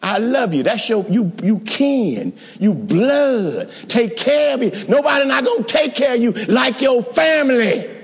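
Rousing high-pitched preacher man, echoing hall. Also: big pitch swings, unhurried, vocal fry, slightly rough. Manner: emphatic and rousing, many repeated restarts; calls out to the congregation. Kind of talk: sermon.

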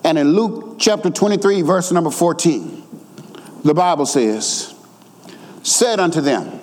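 A high-pitched man preaches a sermon, his voice ringing out with a long reverb as if in a big hall. He jumps between fast conversational asides and shouted, almost sung lines, often repeating words for weight. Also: animated.

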